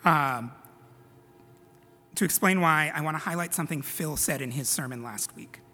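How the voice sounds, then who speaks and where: A man's voice: on the high side, normal speed, bright, forceful tone, in a large hall. A man preaching a sermon to his congregation in a conversational way, with casual self-deprecating asides. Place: church sanctuary.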